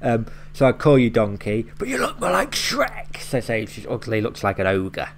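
A man's voice: mid-range voice, wildly swooping pitch, normal speed, a little hiss or hum. A man hosting a reaction video, casually explaining each line with loose fillers and the odd swear. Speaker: YouTube reaction host.

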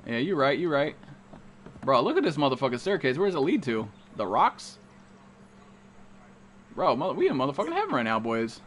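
A man's voice: mid-range voice, sing-song, fairly quick, long pauses, a bit bright, a little hiss or hum. A young man streaming a video game, talking to his chat with brash, profane trash talk. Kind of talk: live gameplay commentary.

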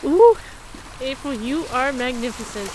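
Woman, horse owner, unhurried cooing and exclamations outdoors, faint rain behind. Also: high voice, expressive, background noise. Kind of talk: casual filming of her animals.

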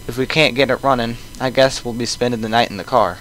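A laid-back young traveler talks in a relaxed, casual way, read by a man in his own voice. The pitch is ordinary and middle for a man. Nothing is put on beyond a plain reading. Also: fast talker, close to an everyday voice, poor audio.

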